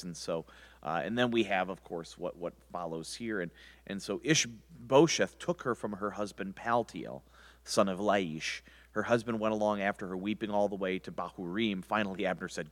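A man's voice: fairly low pitch, moderate pace, a bit bright. A man teaching a Bible passage verse by verse in a rambling, conversational way with many restarts.

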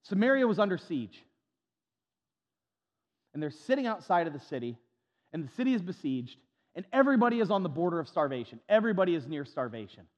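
A male pastor preaching with a high, animated voice that climbs and dips freely. He hammers his points with repetition, folksy jokes and stammered restarts. The sound is dull and lo-fi, with a long hall reverb. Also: a little fast, long pauses. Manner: emphatic and repetitive, stutters on restarts, folksy humor. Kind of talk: sermon.

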